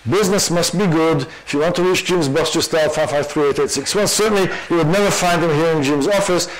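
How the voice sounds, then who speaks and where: A man's voice: a little high, quick pace, slight background noise, lightly acted, poor audio. A man voicing a polite, evasive talking answering machine, read aloud with sly politeness.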